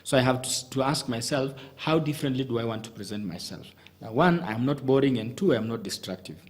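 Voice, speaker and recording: A man's voice: medium pitch, expressive, fast talker. Male studio guest, methodical advice giver, breaks his talk into numbered points. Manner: methodical, lists points, frequent restarts. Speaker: communication coach guest.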